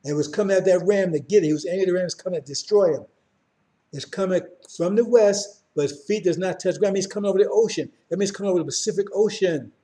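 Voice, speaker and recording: A man's voice: sits high, quick pace, mellow. A middle-aged man teaching an informal Bible class in an emphatic way, often asking his listeners "right?" and "see?". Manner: emphatic, keeps checking in with listeners.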